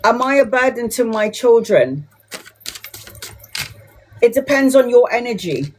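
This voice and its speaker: A woman's voice: a little high, animated, unhurried, a little hiss or hum. A woman giving a live tarot reading who talks bluntly and chattily and swears casually. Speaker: tarot reader.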